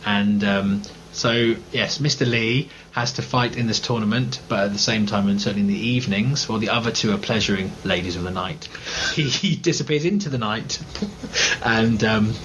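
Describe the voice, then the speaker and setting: A man's voice: lowish voice, moderate pace, a bit bright, a little hiss or hum, low-quality recording. An English man co-hosting a casual film review chat, rambling and correcting himself as he goes. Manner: rambling, hesitant, self-correcting. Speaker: film review podcast co-host.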